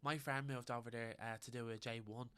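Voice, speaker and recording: A young man with an Irish accent talks quickly in a bright, forward voice, co-hosting a casual podcast. He is blunt and gossipy, and he swears freely. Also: mid-range voice, little pitch movement, smooth. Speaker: podcast co-host. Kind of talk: casual chat.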